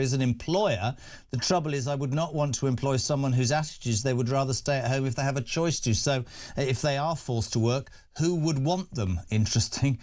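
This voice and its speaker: A man's voice: medium pitch, a little mellow. Male phone-in host, middle-aged, blunt and conversational. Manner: blunt, chatty, reads out messages. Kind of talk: breakfast radio phone-in.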